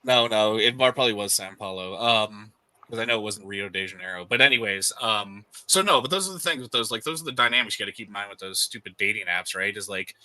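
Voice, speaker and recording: A man's voice: fairly low pitch, fast talker, bright, forceful tone, dry recording, poor audio. A young man from the States chatting casually, rambling with lots of fillers and restarts. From United States. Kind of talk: casual chat.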